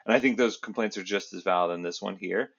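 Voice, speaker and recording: A man's voice: lowish voice, fast, gravelly, fairly bright tone, breathy edge. A man co-hosting a podcast in casual chat, rambling and leaning on filler words. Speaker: podcast co-host. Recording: slightly dull lo-fi audio.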